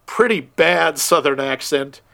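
A man co-hosting a casual film review chat, wry and quick with asides, often chuckling. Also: fairly high pitch, lively intonation, gravelly, fairly bright tone. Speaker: podcast co-host.

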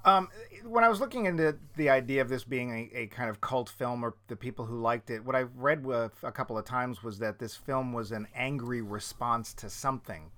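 A man's voice: medium pitch, fairly quick, hardly any pauses, sharp tone. A man hosting a casual chat, asking easygoing questions and laughing often.

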